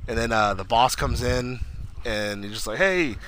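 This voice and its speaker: A man in casual chat, excitedly recapping a TV episode, swearing a lot and acting out the characters' lines. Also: mid-range voice, normal speed, poor audio.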